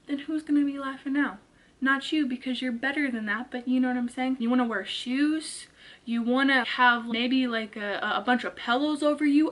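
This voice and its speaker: A woman vlogger telling a story in a casual, animated way, with lots of filler words and swearing. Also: a little high. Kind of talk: storytime vlog, casual retelling.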